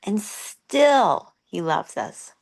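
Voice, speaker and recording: A woman in a group discussion sharing a gentle, thoughtful reflection with small laughs. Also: medium pitch, very animated, extremely slow, vocal fry. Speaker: group participant.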